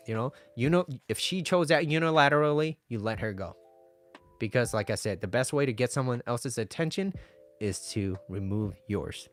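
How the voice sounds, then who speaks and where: A man gives dating advice in a loose, conversational way, tossing in "right?" as he goes. His voice sits at an ordinary middle pitch. Faint music plays underneath. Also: lively intonation, moderate pace. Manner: chatty, conversational, often asks "right?". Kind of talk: casual advice talk to viewers.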